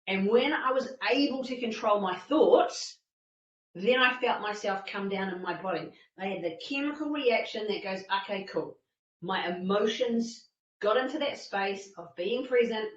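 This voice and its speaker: A woman fitness instructor telling a personal story in an animated talk, acting out her own panicked thoughts. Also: mid-range voice, normal speed. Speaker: fitness instructor and masterclass speaker. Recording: distant, echoey and dull-sounding.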